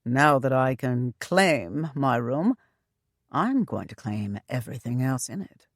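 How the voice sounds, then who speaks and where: A woman voicing a young male hero who speaks quietly and levelly, in a dry recording. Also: low-pitched, a little slow, no echo. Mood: teasing. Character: calm, low-voiced young male hero.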